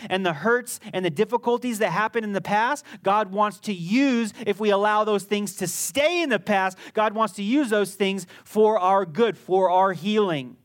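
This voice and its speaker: A man's voice: high-pitched, normal speed, hardly any pauses. A middle-aged male pastor preaching a sermon in a conversational, joking storytelling manner that builds to emphatic peaks.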